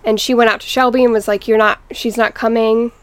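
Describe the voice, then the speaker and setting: A young woman guest telling a painful personal story in a podcast interview, halting and restarting as she recalls what happened. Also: on the high side, level tone, clean tone, no echo. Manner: halting, restarts, quotes family members.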